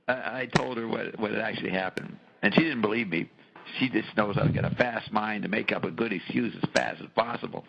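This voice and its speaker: Gravelly, lively middle-aged man telling stories. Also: lowish voice, slight background noise, poor audio. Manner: animated storyteller, frequent profanity. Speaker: podcast host. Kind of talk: casual conversation.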